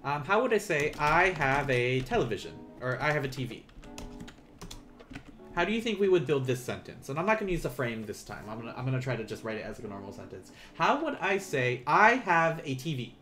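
A man teaching a live online language lesson, explaining patiently and repeating phrases slowly for learners. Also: mid-range voice, very animated, bright, forceful tone, soft background music.

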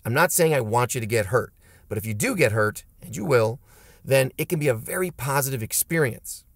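Speaking to camera a little fast, this martial arts teacher and channel host delivers a punchy, emphatic pep talk of blunt motivational lines. His medium-pitched voice is expressive, recorded in a clean studio with no echo.

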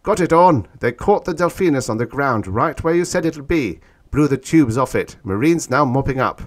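A man's voice: medium pitch, animated, normal speed, pitched above the performer's own voice, natural voice. A man reading an audiobook, voicing a tense human male commander who hisses urgent orders over a radio link. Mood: triumphant.

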